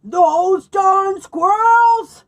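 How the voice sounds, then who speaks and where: A woman voicing a grumpy, lonely old man who shouts in a loud, drawn-out way, read aloud from a children's storybook. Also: extremely high pitch, pitched above the performer's own voice, full character voice. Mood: angry shouting.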